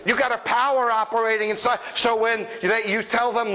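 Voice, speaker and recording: A man preaching a lively sermon to a congregation, animated and playful, often acting out the voices of the people he quotes. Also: extremely high pitch, a little fast, few pauses. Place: church service with congregation.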